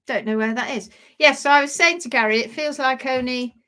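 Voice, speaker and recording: A woman with a high, bright voice hosts a casual live stream. She chats easily, laughs often and greets viewers one by one. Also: brisk.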